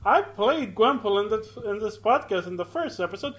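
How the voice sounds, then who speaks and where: A man's voice: high-pitched, expressive, moderate pace, a bit bright. A man player on a tabletop game podcast, joking and speaking to the listener. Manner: jokey, addresses the listener. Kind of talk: casual podcast banter.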